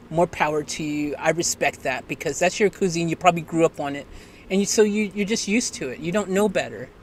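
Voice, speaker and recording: A live-stream host chatting casually with viewers, telling stories in a rambling, animated way. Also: medium pitch, slight background noise. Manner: rambling, animated storytelling with restarts. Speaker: livestream host.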